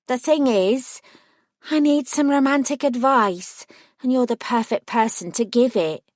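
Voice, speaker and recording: A woman's voice: a little slow, a little mellow, no echo, clean studio sound, close to an everyday voice. A woman voicing a bubbly, lilting young woman. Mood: cheerful. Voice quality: high, lilting, sing-song.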